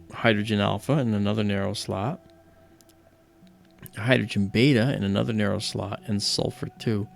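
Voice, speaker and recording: A man's voice: fairly low pitch, creaky. A middle-aged man hosting an astronomy livestream, chatting casually and rambling with lots of "you know".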